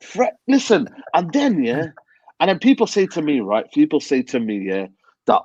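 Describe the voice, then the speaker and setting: A man ranting about football in a hushed voice from a hotel room, emphatic and repeating yeah and man. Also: on the high side, wildly swooping pitch, moderate pace, slightly rough, dry recording, lo-fi sound. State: talking quietly, near a whisper. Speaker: football fan pundit. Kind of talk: heated football rant. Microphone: video call.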